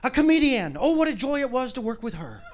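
A man's voice: very high-pitched, big pitch swings, quick pace. A man doing a stand-up comedy routine, brash, crude and mocking, in a noisy live club recording.

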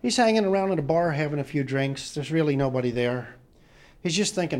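A man telling bawdy, crude jokes as a comedian, with an animated storytelling delivery. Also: on the high side, brisk.

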